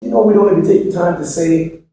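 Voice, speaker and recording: A man giving a motivational speech to a live audience. He swings from shouted appeals to hushed, preachy lines and keeps firing rhetorical questions. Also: high voice, quick pace. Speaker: motivational speaker to students. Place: large echoey hall with an audience. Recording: very echoey hall from far off.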